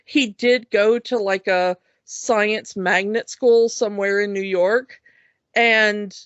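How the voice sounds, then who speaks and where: A woman's voice: mid-range voice, steady tone, slow, clear, resonant tone, dry recording, muffled recording. A woman co-hosting a podcast, chatty and giggly as she tells stories about films. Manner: giggly, chatty anecdote-telling. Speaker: podcast co-host. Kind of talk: casual podcast storytelling.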